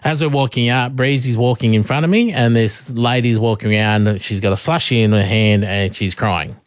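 A man's voice: mid-range voice, fairly even intonation, normal speed, dry recording, studio quality. A man hosting a radio show, telling a story in casual chat. He laughs often and acts out the people he quotes. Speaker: radio host.

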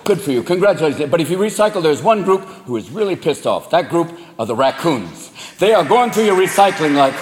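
A man's voice: a little high, big pitch swings, brisk, few pauses, noisy background. A male stand-up comedian performing a crude, profane set in a large hall before a live audience. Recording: echoey hall, loud crowd.

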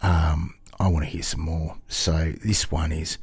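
Low gravelly British radio DJ. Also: male voice, little pitch movement, measured pace, no echo, studio quality. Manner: rambling, chatty, self-mocking. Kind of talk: casual radio show chat.

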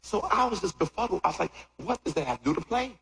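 A middle-aged man preaching a sermon, swinging from loud shouts to quiet asides. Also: quick pace, vocal fry. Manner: animated, jumps from loud shouts to low asides. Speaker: pastor. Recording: echoey hall with long reverb.

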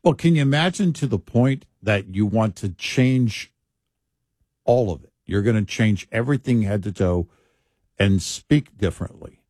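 A man's voice: on the low side, lively intonation, unhurried, a little mellow, no room sound, clean studio sound. A man from Texas co-hosting a talk radio show, chatting in an exasperated, conversational way. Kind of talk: casual talk radio chat. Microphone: studio microphone.

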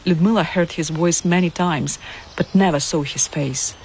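A woman reporter reading scripted news narration in a measured, even way. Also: on the low side, a little hiss or hum.

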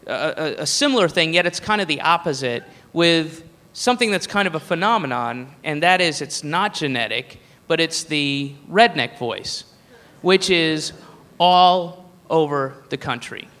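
A man's voice: on the high side, expressive, a little slow, bright, forceful tone. A man from the US doing profane, rambling stand-up comedy. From Southern US. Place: live comedy venue. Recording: reverberant hall with crowd noise.

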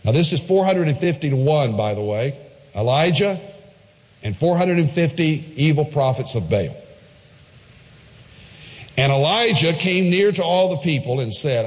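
A man preaching a sermon, retelling a Bible story with lively acted-out quotes and shifting emphasis. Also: mid-range voice, unhurried, big-room sound. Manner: animated preaching, acts out voices in Bible quotes. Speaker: pastor.

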